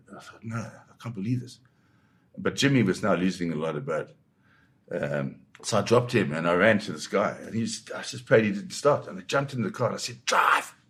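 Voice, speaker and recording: An older man, a war photographer, recounting a dramatic story in an interview with vivid, halting restarts. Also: on the low side.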